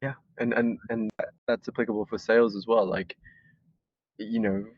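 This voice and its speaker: A man with a low voice thinks aloud in casual conversation, often restarting his sentences. The audio is dry and close, with no room sound. It also sounds dull and lo-fi. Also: flat delivery, moderate pace, dry recording. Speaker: student guest.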